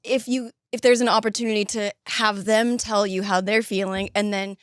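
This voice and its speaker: A young woman co-hosting a casual podcast, reacting fast with short interjections and dry jokes. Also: mid-range voice, steady tone, clean tone, no echo. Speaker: podcast co-host.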